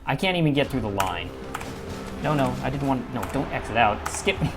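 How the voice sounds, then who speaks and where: A man's voice: medium pitch, lively intonation, a little fast, over loud music. A young man commentating his own gameplay, often frustrated, swearing and muttering to himself. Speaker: gaming YouTuber.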